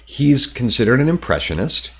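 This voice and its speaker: An American man, an artist and art teacher, talking casually to camera in his studio, relaxed and chatty with frequent ums. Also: mid-range voice, normal speed, vocal fry, husky. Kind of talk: casual explanatory talk to camera.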